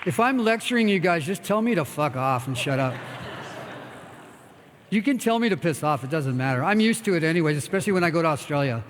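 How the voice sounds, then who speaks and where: An older man from the United States talks in a blunt, rambling way, swearing freely as he answers questions from a live audience. His voice sits a little high for a man. A long hall reverb trails behind every phrase. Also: animated, brisk, slight background noise. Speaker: guest speaker. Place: expo talk stage in a large hall.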